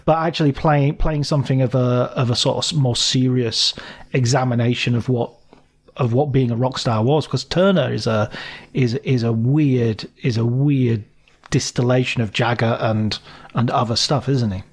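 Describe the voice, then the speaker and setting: Male host-interviewer, mid-pitched, hesitant and halting, thinking aloud. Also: fairly even intonation. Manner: hesitant, halting, many restarts. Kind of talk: conversational interview.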